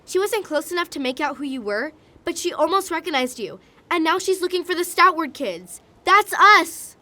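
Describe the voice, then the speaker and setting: A woman's voice: extremely high pitch, expressive, moderate pace, pushed and bright, exaggerated voice. A woman voicing a sensible, worried young girl who looks after her little brother in an audio drama. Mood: urgent. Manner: worried, urgent. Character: anxious, sensible older sister, a young girl.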